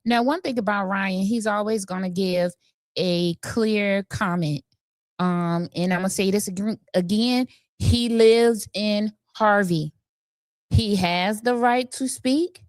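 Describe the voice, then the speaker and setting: A woman hosts a livestream and gives her blunt, conversational take on what she just showed. Her voice sits at an ordinary pitch and sounds close and dry, with no room around it. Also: slow, no room sound. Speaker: livestream host. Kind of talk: casual commentary.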